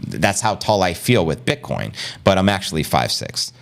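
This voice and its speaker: A man's voice: low-pitched, big pitch swings, normal speed, creaky. A man hosting a casual crypto livestream, joking in slang and answering his chat.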